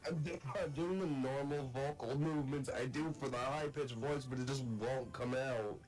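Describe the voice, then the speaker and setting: Man, congested phlegmy voice, casual crude chat, mid pitch. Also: fairly even intonation, moderate pace, a little mellow, rough recording. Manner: crude, rambling. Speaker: friend on stream.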